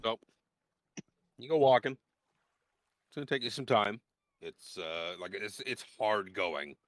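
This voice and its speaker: A man's voice: fairly low pitch, lively intonation, slow, no room sound. A man narrating a tabletop game as dungeon master, in a loose, rambling way with many fillers.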